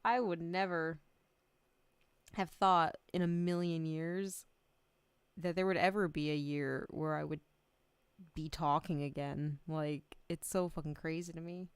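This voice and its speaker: A woman's voice: sits low, steady tone, unhurried, long pauses, smooth, no room sound. A woman streamer chatting casually on a livestream, emotional and close to tears, laughing often and swearing freely. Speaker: VTuber streamer.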